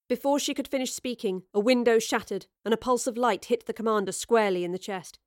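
A woman narrating an audio drama in a steady, measured storytelling voice. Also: fairly high pitch, no echo, studio quality. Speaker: narrator and sole performer.

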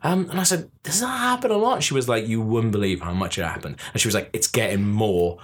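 A man's voice: on the low side, fast talker. A young man, a podcast host telling a story in casual chat and acting out the quotes. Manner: animated, swearing, acts out quotes.

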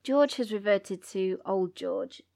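A woman's voice: mid-range voice, slow pace, a little mellow, no echo, studio quality. A woman co-hosting a book podcast, recapping chapters and reading passages aloud with character voices. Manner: reads dialogue in character voices.

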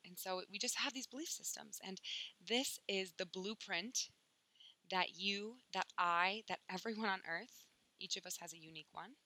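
A woman with a bright, clear voice gives a spiritual teaching in an emphatic, unguarded way. She talks casually and swears freely. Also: medium pitch, poor audio.

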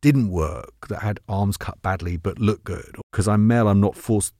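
A man, a writer guest, chatting excitedly in an interview, often restarting his sentences and laughing. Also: lowish voice, moderate pace, no room sound, clean studio sound. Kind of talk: animated interview chat. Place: podcast studio.

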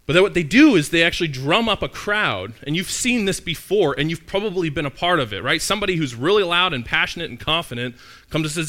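Bright-voiced male pastor preaching. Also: fairly high pitch, fairly quick. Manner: animated, acts out quoted voices. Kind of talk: sermon.

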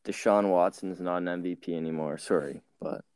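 Deep-voiced Canadian man, offhand. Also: fairly even intonation, brisk, darkish tone, a little hiss or hum. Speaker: podcast co-host. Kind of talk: casual sports chat.

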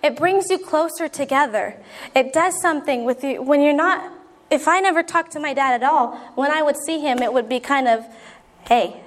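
A woman's voice: high-pitched, normal speed. A young woman preaching a sermon in an earnest, conversational way, acting out prayers as she goes.

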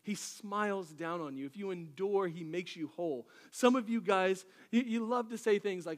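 A man preaching a sermon as pastor, lively and storytelling, with jokey asides. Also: high-pitched, normal speed, few pauses, long reverb tail.

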